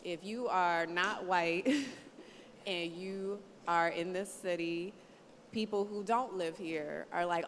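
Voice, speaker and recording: A woman from the American South moderating a panel discussion, animated and laughing, often acting out other people's voices. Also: lowish voice, slow. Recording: hall reverb, faint noise.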